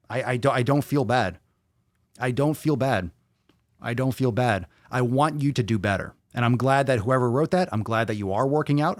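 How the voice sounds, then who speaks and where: A man's voice: medium pitch, dry recording, studio quality. A man hosting a podcast, ranting bluntly and combatively with heavy swearing while reading viewer comments. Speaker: podcast host.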